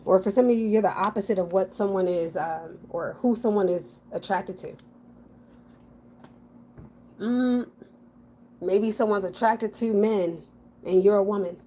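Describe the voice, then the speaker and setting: Tarot reader, woman, middle pitch, frank and chatty, faint hiss behind. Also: a little slow, pauses often, dark tone. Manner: frank, chatty, thinking aloud with fillers. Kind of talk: casual general tarot reading.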